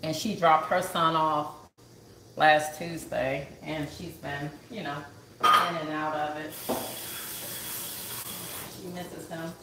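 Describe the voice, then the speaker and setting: A woman's voice: deep voice, steady tone, slow, long pauses. A woman chatting emotionally to viewers on a cooking livestream from her home kitchen, close to tears. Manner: emotional and tearful, calls viewers y'all. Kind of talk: casual chat to viewers. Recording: echoey room with background noise.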